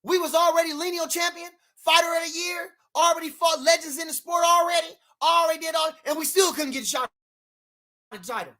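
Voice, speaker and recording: A man streaming a heated boxing rant to his live chat, loud and repetitive, swearing freely and breaking into shouts. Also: very high voice, brisk.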